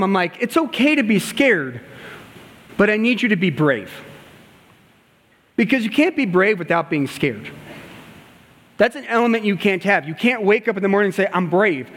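A man preaching a sermon, telling a story and acting out the dialogue, moving between loud passages and hushed ones. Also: high voice. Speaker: pastor and gymnastics coach. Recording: long hall reverb.

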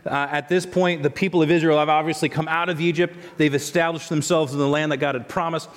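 A male preacher talks through a sermon in a relaxed, conversational manner, restarting phrases and adding asides. His voice sits fairly high, and a long hall reverb trails each phrase. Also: quick pace. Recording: long echo of a large hall.

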